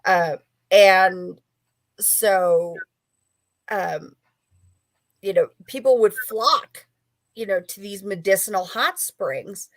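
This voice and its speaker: A woman's voice: mid-range voice, slow, long pauses, no room sound. Woman guest rambling thru a story, lotsa um and you know, dry close sound. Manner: rambling, filler-heavy, chatty. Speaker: author and paranormal investigator guest. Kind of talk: casual storytelling interview.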